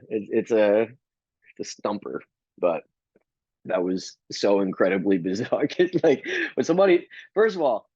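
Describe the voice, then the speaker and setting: A man's voice: mid-range voice, darkish tone, dry recording, lo-fi sound. A man hosting a comedy podcast, telling stories casually with rambling, stammering restarts and swearing.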